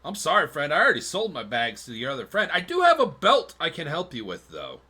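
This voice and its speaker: A man's voice: on the high side, wildly swooping pitch, a little fast, pushed and bright, slightly rough, voice pushed up, heavily acted. A man voicing a friendly, eager male tanner selling belts and pouches in a tabletop game. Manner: friendly, salesman-like.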